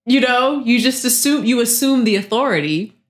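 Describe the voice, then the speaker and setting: A woman in her thirties co-hosting a podcast, chatting casually and acting out quotes with big jumps in pitch. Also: normal speed. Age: 30s. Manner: animated storyteller, acts out quotes with pitch jumps. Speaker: podcast co-host. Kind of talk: casual chat.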